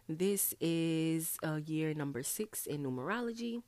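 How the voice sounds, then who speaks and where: A young woman hosting a casual solo podcast, chatty and animated, talking straight to her listeners. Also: sits low, a little slow, hardly any pauses, no room sound. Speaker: podcast host.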